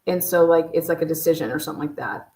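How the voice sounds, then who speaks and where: A woman's voice: low voice, fast talker, dark tone. Profane exasperated woman, echoey room. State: slightly hoarse. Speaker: true crime livestream host. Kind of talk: casual livestream rant.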